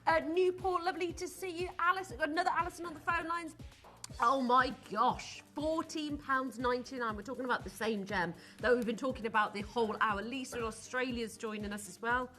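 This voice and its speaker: A woman's voice: high voice, brisk, bright, forceful tone, soft background music. A woman presenting live on a shopping channel in a studio, gushing and enthusiastic as she greets viewers by name.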